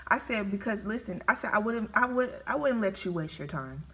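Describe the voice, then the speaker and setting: Here a woman tells her live-stream audience a story mid-meal, talking a little fast in a casual, animated, chatty manner and calling everyone y'all. Her medium-pitched voice is captured roughly on a phone or webcam.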